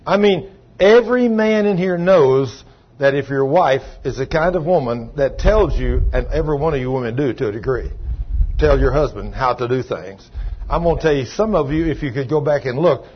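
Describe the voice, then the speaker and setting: An older man preaching a sermon in a folksy way, husky, swinging from soft asides to loud calls. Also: mid-range voice, moderate pace. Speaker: pastor. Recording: dull lo-fi sound.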